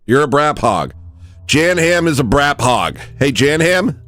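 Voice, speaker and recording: A man hosting a livestream, rambling through a comedic monologue and acting out shouting kids. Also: fairly high pitch, measured pace, dry recording, faint music behind. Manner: animated, jokey, often mimics shouting kids. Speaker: livestream host.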